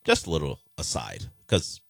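Deep-voiced male sports radio host. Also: huge pitch swings, moderate pace, gravelly, breathy edge, dry recording, clean studio sound. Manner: conversational, rambling with restarts. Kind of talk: casual radio talk.

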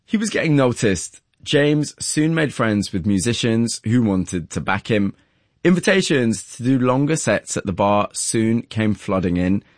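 A man narrating a documentary and asking interview questions in a measured, even delivery. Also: on the low side, no echo, studio quality.

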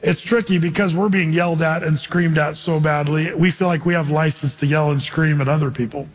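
A man preaching a sermon in an animated way, acting out quotes in sudden high voices. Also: fairly quick, slightly rough, in a large hall, faint music behind.

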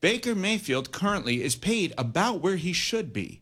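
Emphatic higher-voiced man hosting sports radio. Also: big pitch swings, normal speed, fairly bright tone, husky. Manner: emphatic, argues both sides.

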